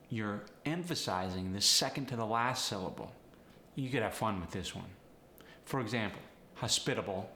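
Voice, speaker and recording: A man coaching actors through an accent lesson in brisk, encouraging explanations. His voice is bright and sharp. It echoes around a roomy space over a faint hum of room noise. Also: on the low side. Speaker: dialect coach. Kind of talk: accent tutorial.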